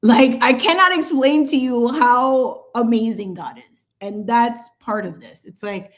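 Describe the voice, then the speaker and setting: Woman, livestream painting chat, sassy and playful, Spanish asides, fairly high voice. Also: unhurried. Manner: mixes in bits of Spanish. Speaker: channel host painting on a livestream. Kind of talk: chatty livestream talk while painting.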